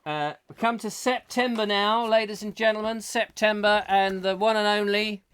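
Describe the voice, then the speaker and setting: A man's voice: high voice, normal speed, fairly bright tone, clear, resonant tone, no room sound. A man hosting a live comic chat show, rambling and joking at his own expense. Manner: jokey, rambling, self-mocking. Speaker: host.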